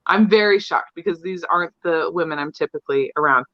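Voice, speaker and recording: A woman's voice: on the low side, a little fast, a bit bright. A young adult woman chatting candidly as a podcast co-host. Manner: candid, chatty, laughs often. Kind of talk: casual chat. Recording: dull lo-fi sound.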